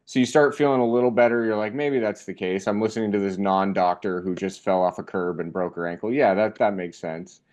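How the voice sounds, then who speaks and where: A young man telling a funny personal story in a casual, animated way, acting out the voices of the people in it. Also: on the low side, brisk, hardly any pauses. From Canada.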